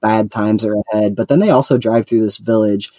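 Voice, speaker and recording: A man's voice: on the low side, a little fast, mellow, no echo. A man co-hosting a podcast in casual chat, chatty, laughing often and acting out quotes from the show. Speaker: podcast co-host.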